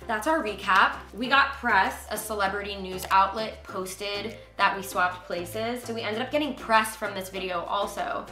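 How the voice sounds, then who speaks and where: A woman's voice: medium pitch, pushed and bright. A young woman chatting casually in a vlog, bubbly, full of fillers and casual swearing. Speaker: vlogger. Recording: echoey room with music.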